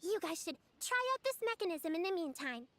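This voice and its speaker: A woman voicing a cheerful, polite little girl in a video game, speaking in a bright, sing-song way. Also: very high-pitched, very animated, fairly quick, no echo, exaggerated voice.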